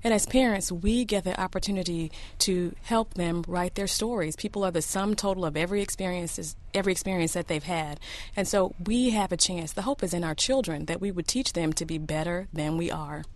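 Female guest, a mother and writer. Earnest and reflective, with a slightly low voice. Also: a little fast, few pauses. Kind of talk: earnest conversation.

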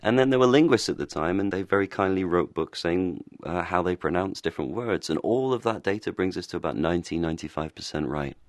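A man's voice: low voice, expressive, fast, hardly any pauses, no echo. A man, an actor and director, talking as a guest in a radio interview, explaining eagerly and laughing easily. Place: broadcast studio. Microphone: studio microphone.

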